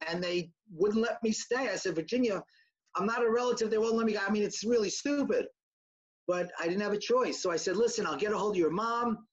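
A man's voice: sits high, slightly rough, lo-fi sound. A man telling a personal story to an audience, acting out the dialogue of the people in it. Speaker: speaker giving a testimony talk.

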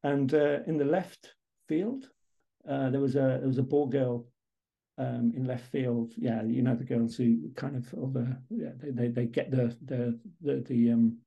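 A man being interviewed as a guest in a casual chat, talking in halting bursts with many restarts and repeated words. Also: medium pitch, fairly even intonation, vocal fry, warm tone, breathy edge, highs cut off. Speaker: interview guest, baseball photographer.

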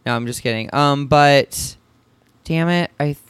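A woman co-hosting a podcast, chatting casually in a playful, teasing way. Her voice is smooth and resonant. The recording is dry and close to the mic. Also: deep voice, a little slow, dry recording. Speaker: podcast co-host. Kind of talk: casual chat.

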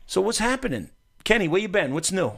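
Loud crude guy running a call-in show, cackles a lot, voice sits a bit high. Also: sing-song, brisk, creaky, slightly rough. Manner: profane, boisterous, laughs often.

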